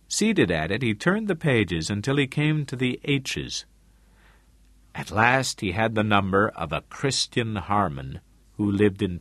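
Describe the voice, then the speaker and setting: A man narrating a story aloud in a measured way. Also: fairly low pitch, a bit bright, no echo, clean studio sound. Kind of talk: audiobook narration.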